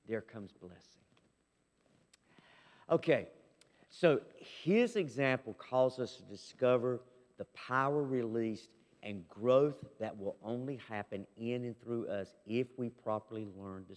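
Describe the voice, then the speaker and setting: A man preaching a sermon as pastor, emphatic and swinging between loud and soft. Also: medium pitch, in a large hall. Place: church sanctuary.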